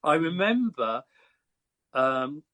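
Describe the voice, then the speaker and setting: An English man in his fifties, a hairstylist guest telling lively, chatty stories with frequent fillers. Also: a little high, very slow. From Croydon, England. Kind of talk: casual storytelling.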